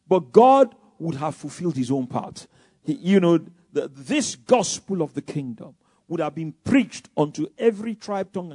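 A man preaching a sermon in a church, animated and full of rhetorical questions and repeated words. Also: on the high side, no room sound, studio quality.

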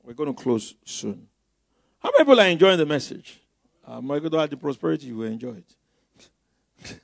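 Pastor, male, high and very lively voice, preaches with loud bursts and teasing asides, dry close sound. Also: a little fast, gravelly, dry recording. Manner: mocking asides. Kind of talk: sermon.

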